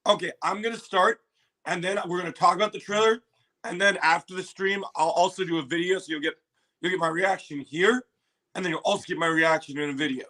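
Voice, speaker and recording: Excitable man hosting a reaction stream. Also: sits high, a little fast. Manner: excitable, exclaims and swears loudly; apologetic, repeats himself. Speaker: livestream host reacting to a trailer. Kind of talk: casual livestream chat.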